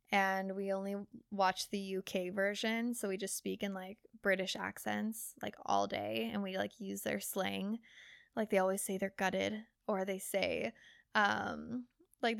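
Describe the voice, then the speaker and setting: Chatty young woman podcaster, slightly gravelly. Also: mid-range voice, no echo, studio quality. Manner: chatty, earnest, filler-heavy with frequent "like" and swearing. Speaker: podcast host. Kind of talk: casual solo podcast talk.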